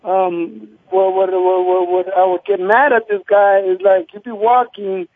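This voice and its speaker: Guy in his 30s calling in, high voice, tinny dry phone line, acts out people in his stories. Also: unhurried, husky, no echo. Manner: animated, acts out quoted people, many restarts. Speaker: guest, former boxing champion. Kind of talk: casual phone interview storytelling.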